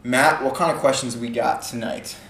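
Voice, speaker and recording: A man in his twenties co-hosting a podcast in casual chat, chatty and quick to laugh, often restarting his sentences. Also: mid-range voice, steady tone, a bit bright. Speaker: podcast co-host. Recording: echoey room, faint background noise.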